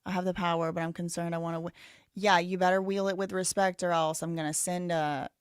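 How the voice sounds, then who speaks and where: A woman's voice: on the low side, flat delivery, a little fast, clear, resonant tone, dry recording, studio quality. A woman in her thirties hosting a live stream, rambling casually and thinking aloud with lots of "like" fillers. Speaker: livestream host.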